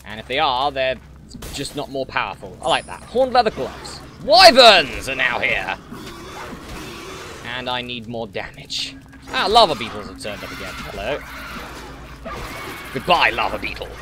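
A man's voice: medium pitch, huge pitch swings, unhurried, long pauses, bright, forceful tone, slight background noise. A man casually commenting on his gameplay in a chatty, playful way, talking at enemies as he goes, recorded on a desktop mic at home. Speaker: gaming channel host. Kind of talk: let's play commentary. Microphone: desktop mic with noise suppression.

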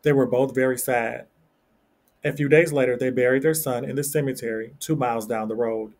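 A man narrating a classic story aloud in a steady, plain reading voice. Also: mid-range voice, a little fast. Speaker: story reader.

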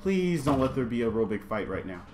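A man's voice: mid-range voice, sing-song, brisk, a little mellow, reverberant, soft background music. A man hosting a let's play, jumpy and easily startled, repeating himself and bantering with viewers. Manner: chatty with an exclamatory, self-deprecating banter. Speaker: gaming channel host.

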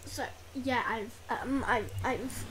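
A woman with a high voice talks her way through a game role-play at an unhurried pace. She gasps and groans often with squeamish exclamations. Heavy background noise runs under her desk mic. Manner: exclamatory, squeamish, lots of oh and ugh.

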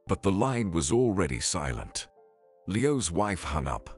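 Deep husky guy reading a story, lively pitch, soft music under it. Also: measured pace. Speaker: narrator. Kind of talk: scripted storytelling narration.

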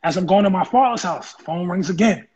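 A man telling his story in an interview, animated and acting out the voices of people he quotes. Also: high-pitched, a little fast, dull audio. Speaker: interview guest, former football player. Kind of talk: casual storytelling.

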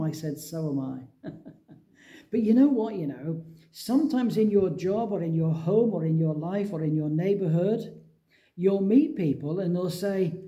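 A middle-aged man from England preaching a sermon, telling a Bible story with lively acted-out dialogue. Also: high-pitched, unhurried.

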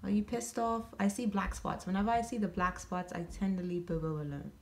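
A woman's voice: medium pitch, fairly even intonation, fairly quick, slight background noise. A woman talking casually at home, explaining things step by step with many ums and restarts. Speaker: vlogger and pet owner.

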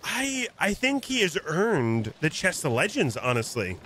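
A man streaming a pirate game, talking in melodramatic in-character banter and shouting in mock outrage. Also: on the high side, wildly swooping pitch, a little slow, a little hiss or hum.

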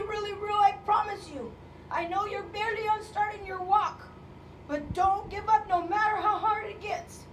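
A woman pastor with an extremely high-pitched voice preaches with passion, rising to fervent calls as her voice at times breaks with emotion. She's away from the mic in an echoey room, with faint ambience and a little hiss or hum.

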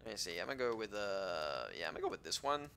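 A man narrating his own gameplay in a loose, rambling way, full of self-talk and half-finished sentences. His pitch leaps around a lot, and his tone is bright and forceful. He breaks into excited, swearing outbursts now and then. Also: quick pace, creaky, slight background noise. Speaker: video game let's-play commentator. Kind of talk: casual gameplay commentary.

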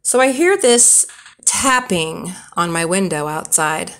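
A woman's voice: on the low side, animated, slow, fairly bright tone, slight background noise. A young woman rambling through casual true stories on a vlog, with many fillers and restarts. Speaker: storyteller.

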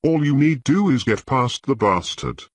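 A man's voice: medium pitch, expressive, normal speed, breathy edge, no room sound, voice pushed up. A man voicing a cold, sneering master-at-arms. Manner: taunting, contemptuous.

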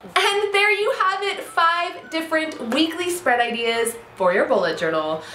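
A woman's voice: high voice, expressive, unhurried, pushed and bright, a little hiss or hum. A woman host signing off her video, upbeat and speaking straight to viewers. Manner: upbeat, friendly direct address. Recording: roomy echo.

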